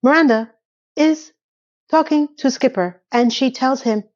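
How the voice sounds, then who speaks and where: A woman giving a casual, chatty recap of a TV episode, with animated delivery and sarcastic asides. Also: high-pitched, a little slow, muffled recording. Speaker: TV episode reviewer.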